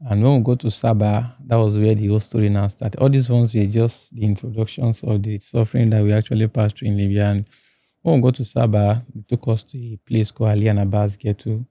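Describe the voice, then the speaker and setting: A man from Nigeria with a Nigerian accent, telling his own story as a podcast guest in a halting way, often repeating words. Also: lowish voice, little pitch movement, mellow, dry recording, studio quality. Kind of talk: personal testimony in a podcast interview. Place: podcast studio.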